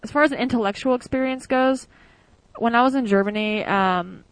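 A woman's voice: on the high side, fairly quick, clear, resonant tone, no room sound, poor audio. A young woman from the United States tells stories casually in an interview, chatty with many fillers and with quoted voices acted out. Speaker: former exchange student.

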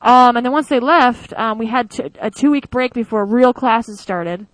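A woman's voice: fairly high pitch, moderate pace, no room sound, low-quality recording. A young woman from the United States tells stories casually in an interview, chatty with many fillers and with quoted voices acted out. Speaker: former exchange student.

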